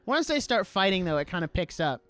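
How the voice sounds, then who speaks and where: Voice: medium pitch, very animated, a little fast, a bit bright, dry recording. A podcast co-host in casual chat, wry and matter-of-fact, now and then acting out quotes.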